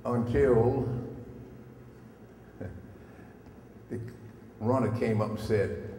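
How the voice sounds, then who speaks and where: A man's voice: medium pitch, steady tone, very slow, pauses often, warm tone. An older man speaking as a guest to students, telling his story in a folksy way with questions to the listeners, on a handheld microphone in a school hall. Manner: folksy, direct questions to the audience. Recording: echoey hall, faint noise.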